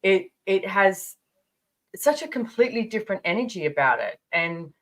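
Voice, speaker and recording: A woman's voice: mid-range voice, sing-song, normal speed. A woman in her fifties, a podcast guest, talking frankly and candidly in a casual interview, swearing freely and restarting her sentences. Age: 50s.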